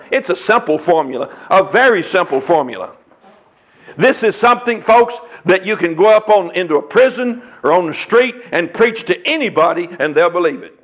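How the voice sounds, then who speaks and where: A man preaching a sermon, reading scripture and stressing words slowly and forcefully. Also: high voice. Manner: emphatic, drawn-out preaching with mimicked voices. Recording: tinny phone-like lo-fi sound.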